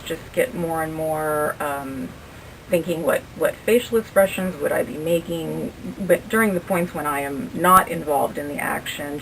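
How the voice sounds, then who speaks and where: Woman, middle-aged, low gravelly voice, chatty, self-deprecating, backstage interview, a bit off-mic, faint background noise. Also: a bit bright, distant mic, low-quality recording. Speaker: actress interviewed about her role. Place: theater backstage area.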